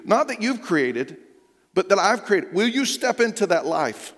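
A middle-aged man preaching a sermon as a pastor, telling stories with hushed quoted lines and rising urgency. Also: sits high, very animated, moderate pace. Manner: storytelling, dropping to a hushed voice for quoted lines and rising when urging. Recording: long reverb of a large hall.

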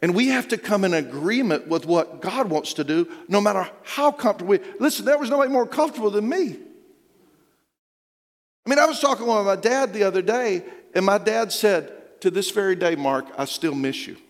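A middle-aged man preaching a sermon as a pastor, telling stories with hushed quoted lines and rising urgency. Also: high voice, animated, fairly quick. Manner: storytelling, dropping to a hushed voice for quoted lines and rising when urging. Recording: long reverb of a large hall.

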